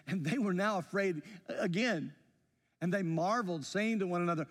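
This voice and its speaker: A man, preaching a sermon as a pastor, his voice swelling with feeling and then falling to a near hush. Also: sits high, moderate pace. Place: church sanctuary. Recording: long reverb in a large hall.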